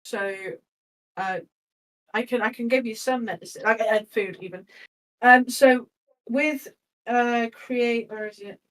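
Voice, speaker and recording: A woman's voice: fairly high pitch, unhurried, long pauses, fairly bright tone, distant mic, poor audio. A woman playing a tabletop game, chatty and laughing, swearing now and then as she talks through her character's actions. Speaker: player.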